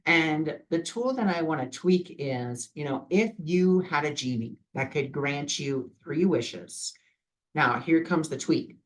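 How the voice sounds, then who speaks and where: A man's voice: on the high side, animated, takes it slowly. Earnest man musing casually on camera. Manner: earnest, loose, with many fillers. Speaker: vlogger sharing spiritual advice. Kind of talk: casual reflective vlog talk.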